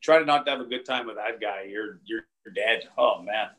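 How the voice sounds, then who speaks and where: A man, a comedian, telling casual, profane anecdotes with laughs in a relaxed chat. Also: on the low side, moderate pace. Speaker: comedian guest.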